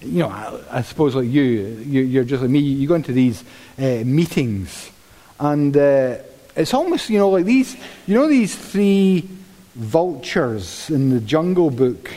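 A preacher with a mid-range voice takes his time through a sermon in a church hall. His delivery is lively and conversational, marked by dry humour and repetition of words.

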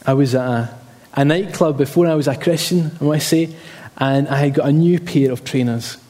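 A man's voice: on the high side, moderate pace, warm tone, long reverb tail. A man preaching a sermon emphatically, repeating key phrases and telling personal stories.

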